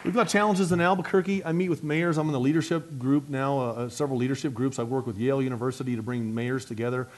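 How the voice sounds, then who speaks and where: A middle-aged man, a city mayor, giving an energetic luncheon speech and answering questions, talking fast with frequent restarts. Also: mid-range voice, a faint crowd, a little hiss or hum.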